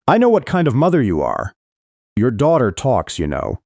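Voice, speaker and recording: A man's voice: medium pitch, huge pitch swings, normal speed, vocal fry, darkish tone, no echo, studio quality, pitched above the performer's own voice, full character voice. A man voicing a cold, scornful middle-aged woman neighbor in an audiobook. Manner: contemptuous, dismissive.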